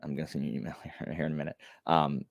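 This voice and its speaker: Deep, gravelly-voiced young man rambling. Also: flat delivery, rapid-fire, no echo, clean studio sound. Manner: rambling, self-deprecating, many fillers. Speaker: streamer. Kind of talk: casual live-stream chat.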